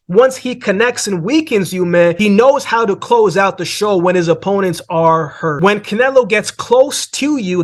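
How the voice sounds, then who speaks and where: A man's voice: sits high, a bit bright. A man hosting a casual boxing breakdown, talking conversationally and often tossing in "man" and "right?". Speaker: boxing analyst host.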